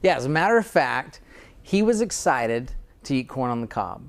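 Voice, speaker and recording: A man's voice: mid-range voice, very animated, moderate pace, gravelly. A middle-aged American dentist in a casual interview, earnest and sometimes getting emotional about his work. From United States.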